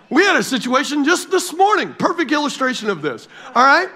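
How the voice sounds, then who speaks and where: A middle-aged man preaching to his church congregation as pastor, animated and joking with the crowd. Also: very high voice, fast, hardly any pauses. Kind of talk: sermon. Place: large church hall.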